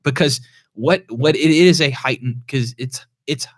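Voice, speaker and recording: A man's voice: medium pitch, a little slow, no room sound, studio quality. A man co-hosting a podcast, talking in a loose, rambling way with many restarts. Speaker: podcast co-host. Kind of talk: casual chat.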